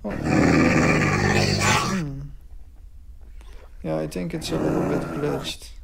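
A man's voice: a little high, big pitch swings, slow, creaky. A man giving casual gameplay commentary, talking to the dogs in the game, puzzled and mocking himself. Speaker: gaming commentator. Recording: loud background noise.

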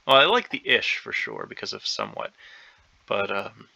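Puzzling over a crossword, a hesitant, unsure man voices his thoughts with lots of ums and self-doubt. His voice sits on the low side yet swoops wildly in pitch, with vocal fry and a pushed, bright quality at a moderate pace, captured on a dull lo-fi recording.

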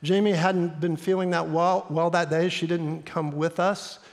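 Earnest pastor in a reverberant church. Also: male voice, a little high, flat delivery. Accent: American Midwestern. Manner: earnest, halting storytelling with fillers. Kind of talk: storytelling sermon. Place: church sanctuary. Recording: long hall reverb in a church.

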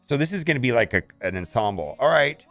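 A man's voice: mid-range voice, very animated, fast talker, a bit bright. Chatty man commenting on his gameplay. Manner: chatty, thinks aloud, many "all right"s. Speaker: mobile game streamer.

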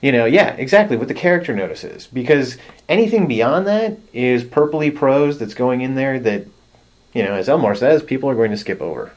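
A man speaking at an ordinary middle pitch, talking through his points on a writing podcast with emphatic, agreeable energy. He explains at length in a casual panel chat. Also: expressive, normal speed. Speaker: podcast co-host, writer.

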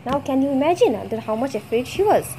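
Teacher, lively questioning voice. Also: female voice, sits high, fast talker, slight background noise, low-quality recording. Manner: asks the class rhetorical questions like "yes or no?". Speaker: English teacher. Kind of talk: story lesson explaining a text.

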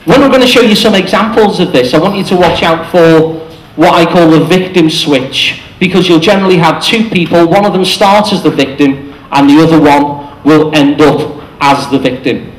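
A man's voice: fairly high pitch, normal speed. A man giving a short, chatty talk to an audience in a cafe, explaining ideas and acting out quoted lines. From England. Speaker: speaker. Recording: echoey room.

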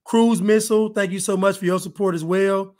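This man hosts a casual podcast stream, and his voice sits high for a man. He talks loosely and animatedly, jokes around and circles back to the same phrases. He keeps thanking his viewers as he goes. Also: a little fast. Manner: animated, joking, repeats himself. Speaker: podcast host. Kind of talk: casual live-stream chat.

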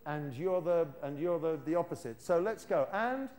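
A British man leads a live teacher-training workshop, coaxing his lecture-hall audience in a playful way to say lines back to him. His pitch is fairly high with lively intonation at a normal speed, and there's background noise.

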